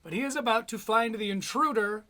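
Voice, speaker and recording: A man's voice: high-pitched, a little fast, sharp tone. A man giving sarcastic, profane running commentary over clips as a streamer.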